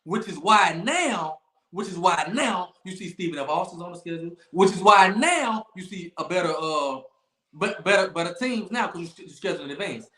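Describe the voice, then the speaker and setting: A man's voice: sits high, expressive, normal speed, roomy sound. A man hosting a sports talk livestream, emphatic and repetitive as he trash-talks rivals. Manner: loud, emphatic trash-talk with repeated phrases and laughs. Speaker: podcast host.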